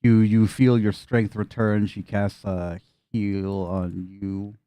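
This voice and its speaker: A man's voice: lowish voice, flat delivery, takes it slowly, mellow, clean tone, no echo. A man narrating a tabletop game as game master, casual and joking with frequent fillers.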